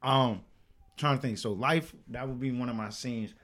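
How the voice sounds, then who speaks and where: A man's voice: mid-range voice, normal speed, a bit bright. A young man co-hosting a podcast in casual chat, rambling with stammered restarts and plenty of slang and cursing. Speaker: podcast co-host.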